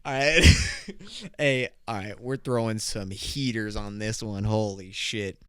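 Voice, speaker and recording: A man's voice: fairly low pitch, takes it slowly, fairly bright tone, smooth, no echo, studio quality. Crude rambling young man podcasting. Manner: crude, rambling, laughs often, swears freely. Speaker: podcast host. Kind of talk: casual solo podcast storytelling.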